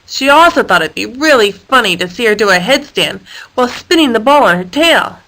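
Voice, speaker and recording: A woman reading a children's animal story aloud in a lively, expressive way. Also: fairly high pitch, brisk, rough recording.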